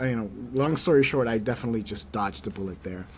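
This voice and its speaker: A man's voice: medium pitch, fast, a little hiss or hum. A man hosting a casual interview podcast, telling stories with energy and swearing candidly now and then. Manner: animated storyteller, acts out quoted people in a raised voice. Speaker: podcast host interviewing a creator.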